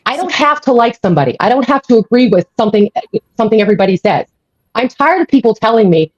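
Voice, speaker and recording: A woman rants hard on a live stream, swearing and hammering the same points again and again. Her voice sits high and swings up and down a lot. The sound is dry and dull, like lo-fi audio. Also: expressive, quick pace, no echo. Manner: angry, profane, repeats herself. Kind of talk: heated live-stream rant.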